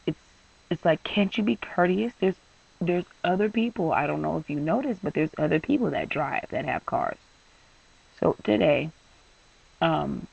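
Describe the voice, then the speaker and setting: A man's voice: a little high, vocal fry, far from the mic, lo-fi sound. A young man venting in a vlog, rambling and exasperated with lots of fillers. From San Francisco Bay Area. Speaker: vlogger.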